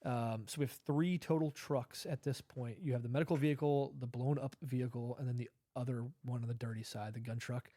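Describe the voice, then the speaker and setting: A man's voice: mid-range voice, steady tone, fairly quick, hardly any pauses, dark tone, dry recording, clean studio sound. A man telling a long personal story in a casual interview, rambling with fillers and acting out the dialogue. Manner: rambling, many fillers and restarts, acts out quoted dialogue. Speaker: podcast guest, Army veteran.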